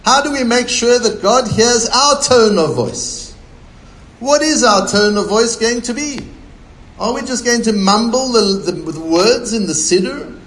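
A man, a rabbi, delivering a sermon in a slow, deliberate way with many rhetorical questions. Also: very high voice, animated, a bit bright, rough recording.

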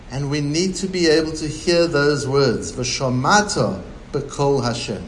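A man, a rabbi, delivering a sermon in a slow, deliberate way with many rhetorical questions. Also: a little high, a little hiss or hum, rough recording.

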